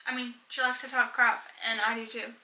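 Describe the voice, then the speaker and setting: A woman's voice: a little high, flat delivery, a little fast, bright, forceful tone, echoey room, slight background noise, low-quality recording. A young woman chatting casually about books on a vlog, rambling and giggling as she goes. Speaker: book vlogger. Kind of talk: casual chat.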